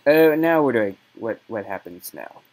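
A man's voice: medium pitch, lively intonation, moderate pace, darkish tone, a little hiss or hum. Jokey man playing a horror game. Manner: jokey, rambling. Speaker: game player. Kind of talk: casual let's-play chat.

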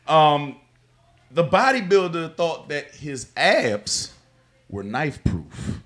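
A man's voice: fairly high pitch, very animated, slow, fairly bright tone. A man hosting a radio show, joking and laughing through loose, profane studio banter.

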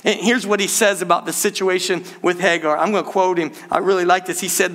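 High, bright-voiced male pastor preaching. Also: fairly quick, hardly any pauses. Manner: animated storytelling, addresses congregation as "church". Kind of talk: sermon.

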